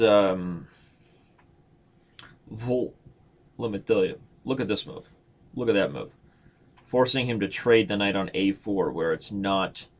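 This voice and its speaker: A man streaming blitz chess and commenting on his own moves in a playful, slangy way. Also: on the low side.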